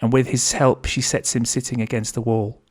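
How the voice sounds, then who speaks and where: An author reading his own novel aloud in a steady, measured narrating voice. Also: medium pitch.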